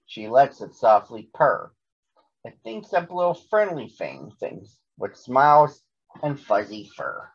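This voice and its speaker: A man voicing a young male cat, the big brother who narrates a rhyming storybook in a steady reading voice. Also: mid-range voice, slow pace, slightly rough, highs cut off, exaggerated voice. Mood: calm.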